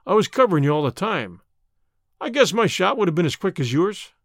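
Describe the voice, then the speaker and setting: A man reading an audiobook, voicing a bold, calm young outlaw who gives quick, cool replies. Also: high voice, no echo, studio quality, heavily acted. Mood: confiding.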